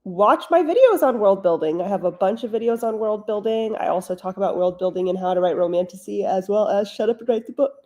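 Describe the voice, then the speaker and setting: A woman's voice: medium pitch, fast, hardly any pauses, dark tone. A woman author hosting a live writing stream from home, answering chat questions in a blunt, wry, casual way.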